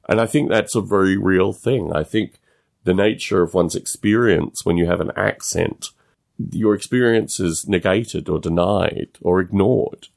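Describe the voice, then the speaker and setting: Man with a non-American English accent, podcast host, deep voice, gravelly fry, halting casual musing. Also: darkish tone. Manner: musing, halting, with frequent restarts. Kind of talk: casual solo monologue.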